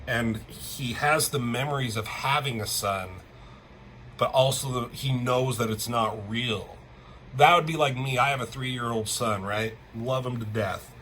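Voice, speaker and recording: A man's voice: mid-range voice, measured pace, pushed and bright, slight background noise, rough recording. A young man casually reviewing a comic book, chatty, swearing freely and jumping his voice up to act out character lines. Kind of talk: casual chat.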